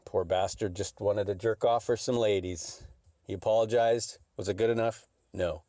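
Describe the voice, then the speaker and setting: A man's voice: lowish voice, steady tone, normal speed, mellow, no room sound, clean studio sound. A man hosting a solo podcast, rambling and mumbling with a lot of swearing. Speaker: podcast host. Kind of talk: casual solo podcast chat.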